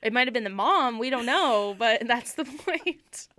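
A woman's voice: on the high side, animated, measured pace, bright, forceful tone. A young Canadian woman chatting casually about a book, laughing often and using lots of fillers. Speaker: book podcast co-host. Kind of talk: casual chat.

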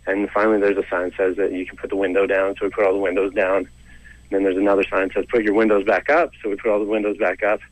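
Young man, comedian guest, low voice, dry close studio sound, self-mocking storyteller, chuckles often. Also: monotone, very fast, no room sound, low-quality recording. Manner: chatty, self-mocking, laughs between lines. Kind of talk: casual storytelling interview.

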